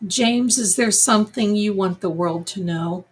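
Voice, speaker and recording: Slow-spoken woman tarot reader. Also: medium pitch, low-quality recording. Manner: slow, musing, talks to viewers and her cats. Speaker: psychic medium livestream host. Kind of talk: live tarot reading chat.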